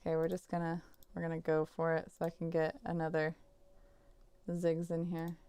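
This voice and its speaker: A woman's voice: low-pitched, monotone, moderate pace, dark tone, clear, resonant tone. A young woman chatting casually on a live stream while she plays video games. She rambles, restarts her sentences and says "like" a lot. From United States.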